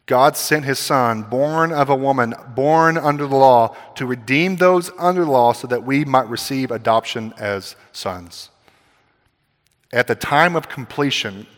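A man preaching a sermon as pastor, with animated swings between loud emphasis and quiet asides. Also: medium pitch. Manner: casual filler "like" in personal asides. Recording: long hall reverb.

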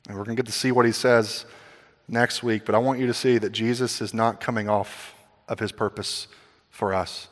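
A man preaching a sermon as pastor, with animated swings between loud emphasis and quiet asides. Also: fairly low pitch, moderate pace. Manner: casual filler "like" in personal asides. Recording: long hall reverb.

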